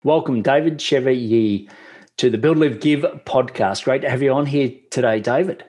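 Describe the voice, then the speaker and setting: A man's voice: mid-range voice, brisk, darkish tone, slightly rough. A man with an Australian accent hosting a podcast in a chatty, enthusiastic way. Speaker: podcast host.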